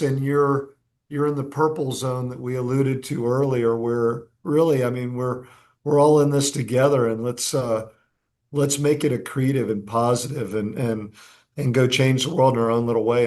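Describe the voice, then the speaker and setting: A man's voice: medium pitch, moderate pace. A man, a designer and entrepreneur, telling stories as a podcast guest, acting out dialogue with many restarts. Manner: animated storyteller, acts out dialogue, many restarts. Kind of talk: casual podcast interview.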